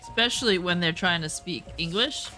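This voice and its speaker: A woman's voice: on the low side, moderate pace, pushed and bright, soft background music. A woman in casual chat, reacting to a show, rambling with lots of "like" and restarts.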